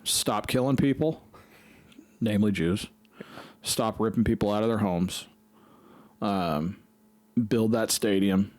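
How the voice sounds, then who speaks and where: Low-voiced man telling a rambling story. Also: slow, long pauses, a little mellow, no room sound. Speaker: podcast host. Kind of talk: casual storytelling chat.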